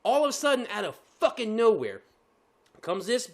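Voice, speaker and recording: A man's voice: sits high, sing-song, moderate pace. A man telling a story on a podcast in casual chat, laughing often and swearing heavily.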